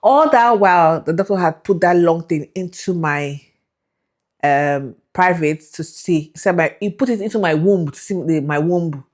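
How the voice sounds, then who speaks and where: A young woman telling her faith testimony in an animated, emotional way, laughing and acting out the people in her story. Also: lowish voice, normal speed. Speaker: vlogger sharing a faith testimony.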